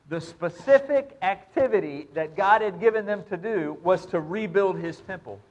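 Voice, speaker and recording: A pastor preaching a sermon, reading scripture and repeating points with emphasis. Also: male voice, high voice, expressive, moderate pace, hardly any pauses, a little mellow.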